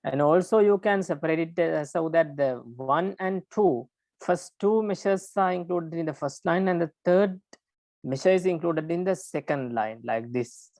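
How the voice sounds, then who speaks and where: Low-voiced woman explaining metre, halting. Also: darkish tone, no room sound. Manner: halting, many fillers and restarts, careful explaining. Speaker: Pali teacher.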